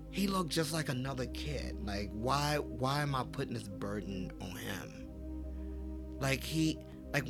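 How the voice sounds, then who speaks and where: A man in his forties, a podcast guest, telling personal stories in casual conversation and acting out the dialogue with lively fillers. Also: mid-range voice. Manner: animated, acts out quoted dialogue with fillers.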